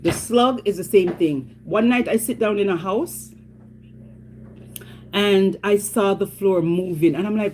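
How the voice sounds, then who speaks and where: A woman's voice: medium pitch, a little slow, slight background noise. A middle-aged woman from Jamaica with a Jamaican accent, vlogging in a casual, dramatic storytelling chat. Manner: animated, dramatic, exclamatory storytelling.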